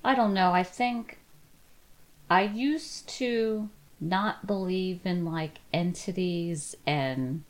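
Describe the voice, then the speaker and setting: Slow-talking middle-aged woman telling stories. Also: fairly low pitch. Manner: animated retelling of spooky stories. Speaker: podcast guest. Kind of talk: casual storytelling.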